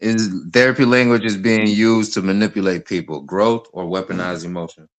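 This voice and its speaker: Deep-voiced man hosting a casual chat. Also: steady tone, a little fast. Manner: loose, joking, slangy. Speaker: podcast host.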